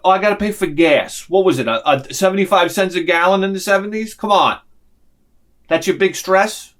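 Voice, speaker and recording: Middle-aged male vlogger, slightly high voice, animated comedic rant with voices. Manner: animated ranting, acts out lines in voices. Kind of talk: casual comedic monologue.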